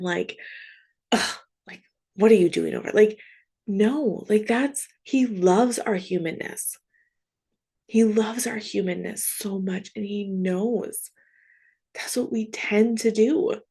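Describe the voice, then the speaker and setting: A woman working as a Catholic grief coach, speaking in an earnest, gentle way, often asking "right?". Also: medium pitch. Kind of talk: heartfelt faith monologue.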